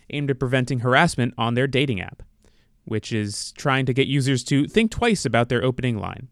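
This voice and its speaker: A man co-hosts a relaxed chat show, reading quirky news aloud and tacking on dry, wry remarks. His voice is smooth and clear. The sound is dry and close, with no room around it. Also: medium pitch, measured pace, dry recording. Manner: wry, reads news items aloud then comments. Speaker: podcast co-host. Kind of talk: casual chat.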